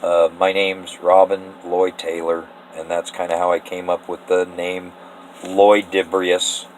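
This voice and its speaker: A man from Eastern Washington pitching a story idea in a rambling, earnest, often emotional way, laughing between thoughts. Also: monotone, a little slow, a little hiss or hum, poor audio. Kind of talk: casual spoken story pitch.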